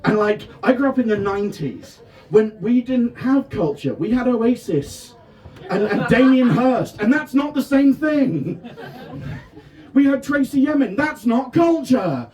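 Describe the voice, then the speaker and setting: A man in his thirties from Devon performing a self-deprecating stand-up set at a festival tent, often shouting his punchlines. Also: very high-pitched, expressive, unhurried, distant mic. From England (Devon). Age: 30s. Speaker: stand-up comedian. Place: festival tent with a live audience.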